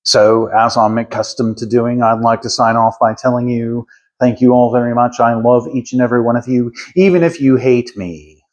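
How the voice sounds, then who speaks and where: A man's voice: medium pitch, steady tone, moderate pace. Guy doing a silly accent while ranting politics at the camera, pushy and repetitive. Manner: emphatic and persuasive, repeating points with "okay?"; puts on a playful accent. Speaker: political commentator. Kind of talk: opinion monologue to viewers.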